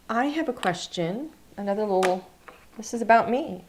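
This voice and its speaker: A woman with a slightly high voice hosts a live craft demonstration. She talks in a chatty, enthusiastic way and thinks aloud as she shows her materials. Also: animated, unhurried, noisy background. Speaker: craft class host. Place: craft studio.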